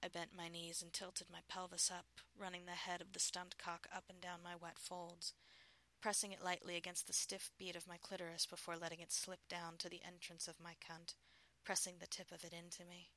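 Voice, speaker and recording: A woman reading a first-person adult story in a soft, breathy, intimate voice. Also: on the low side, monotone, normal speed. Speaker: narrator.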